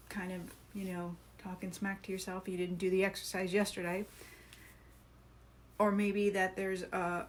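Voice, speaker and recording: A woman's voice: lowish voice, slight background noise. Woman, live-stream spiritual coach, earnest, encouraging, conversational. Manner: earnest, encouraging, asks viewers questions.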